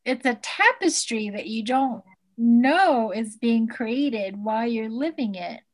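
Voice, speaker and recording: A woman in her forties hosting a casual conversation, reminiscing in an animated, affectionate way. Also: on the high side, takes it slowly. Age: 40s.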